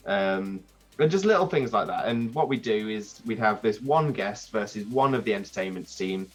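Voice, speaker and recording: A man, a podcast guest telling a rambling, animated story with many restarts. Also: on the low side. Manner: animated, acts out crowd voices. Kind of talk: casual storytelling.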